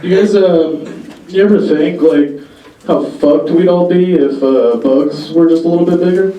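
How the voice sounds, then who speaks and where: Here the young stand-up, his pitch fairly high, halts and hedges through a deadpan set before a live club audience, with frequent pauses and fillers. An echoey space, a distant microphone, and crowd laughter fill the recording.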